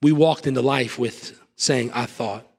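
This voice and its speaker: A man preaching a sermon in church, emphatic and repetitive, with sudden loud bursts. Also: mid-range voice, a little slow, gravelly, slightly rough, long reverb tail. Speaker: pastor. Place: church sanctuary.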